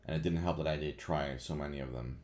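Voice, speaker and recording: A man's voice: very deep voice, fairly even intonation, quick pace, darkish tone. A man, a voice actor, casually answering viewer questions and rambling with lots of fillers and restarts. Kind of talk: casual Q&A chat.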